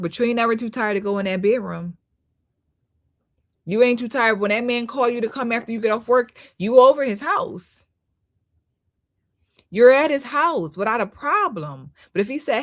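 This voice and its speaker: A woman's voice: mid-range voice, moderate pace, dry recording. A woman hosting a live-stream commentary, critical in tone, often repeating herself for emphasis and talking to viewers as "y'all". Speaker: host.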